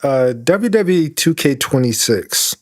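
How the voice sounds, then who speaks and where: A man's voice: medium pitch, animated, unhurried. A young man co-hosting a podcast in casual chat, laughing often and acting out quoted lines. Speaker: podcast co-host.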